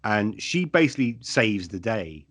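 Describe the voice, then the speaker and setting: A man with a mid-pitched, very lively voice that swings up and down as he talks. He co-hosts a casual TV podcast, tossing out dad jokes and questions to his partner. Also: moderate pace, slightly rough. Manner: playful, cracks dad jokes, asks the questions. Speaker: podcast co-host. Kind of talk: casual TV recap chat.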